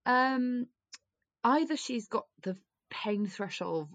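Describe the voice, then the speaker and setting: A young woman chatting casually and telling animated stories, swearing freely. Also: a little high, slow, no echo. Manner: animated storyteller, swears freely, acts out friends' voices. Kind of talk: casual chat.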